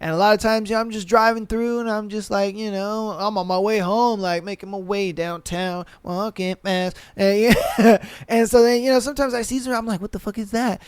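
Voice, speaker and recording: A young man hosting a casual solo podcast, loose and profane, acting out drivers and animals in shouted voices. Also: high-pitched, steady tone, a little fast, clear, resonant tone, no echo. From western United States. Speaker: podcast host. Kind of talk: casual solo podcast chat, reading and reacting to stories.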